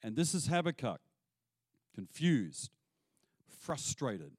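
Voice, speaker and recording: A man preaching a sermon as pastor, animated and acting out the voices he quotes. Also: medium pitch, normal speed, no room sound.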